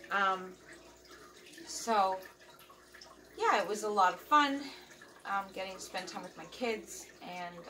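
A middle-aged woman talks through her week in a loose, rambling way, leaning on fillers as she goes. She sits some way back from the microphone. Water runs clearly in the background. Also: fairly low pitch. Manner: rambling and chatty, with many fillers. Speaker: vlog host. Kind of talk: casual chat. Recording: distant mic with running water noise.

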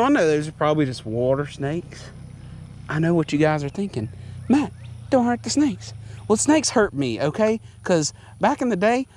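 A man's voice: high-pitched, slight background noise. A man from Louisiana with a Louisiana accent, vlogging outdoors while fishing and joking in a goofy, self-mocking way. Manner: goofy, self-mocking, talks to snakes in a sing-song voice. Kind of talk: casual vlog talk to camera. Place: outdoors by the water.

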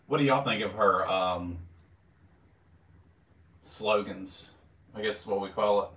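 A man's voice: on the low side, slow pace, fairly bright tone, recorded from a distance. A man behind the camera at home, joining a casual live stream with dry, teasing jokes. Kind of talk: casual joking banter. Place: indoor room at home. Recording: echoey room, off-mic, faint hiss.

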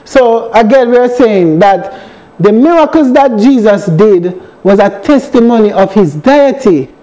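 A man's voice: high voice, animated, unhurried, dark tone, low-quality recording. A man with a Jamaican accent, an elder teaching a Bible study and driving his points home with emphatic repetition. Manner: emphatic, repeats phrases.

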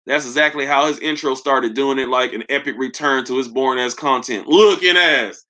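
A man's voice: medium pitch, moderate pace, bright, forceful tone. A man hosting a livestream, casually trash-talking and joking in a loose, laughing way. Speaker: livestream host. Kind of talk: casual roast commentary on a livestream.

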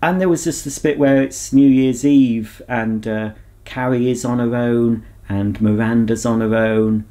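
A man's voice: mid-range voice, steady tone, measured pace, mellow. A man vlogging in a casual, rambling chat to camera, talking candidly and reflecting on himself.

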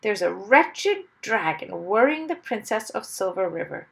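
A woman's voice: medium pitch, very animated, measured pace, gravelly, fairly bright tone, exaggerated voice. A woman doing a humble, eager little airplane man.

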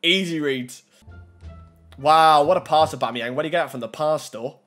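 A young man giving gameplay commentary on a football video game, excitable and talking straight to the game and his viewers. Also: on the high side, moderate pace, faint music behind. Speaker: gaming YouTuber.

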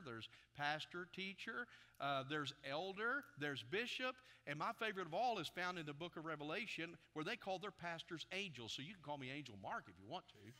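A man preaching a sermon as pastor, with emphatic delivery that swells in loudness and keeps asking the congregation questions. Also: a little high. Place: church sanctuary. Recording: long reverb of a church hall.

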